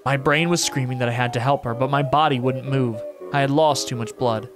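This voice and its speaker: Male streamer, mid-pitched voice, reading a horror game's story aloud, game music playing underneath. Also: a little fast, hardly any pauses. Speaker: gaming streamer.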